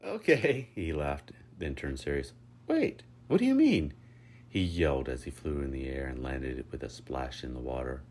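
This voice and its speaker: A man reading a story aloud, voicing a small, playful young man who whines and squeals in a high voice. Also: little pitch movement, moderate pace, few pauses, a little mellow. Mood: gleeful yelling.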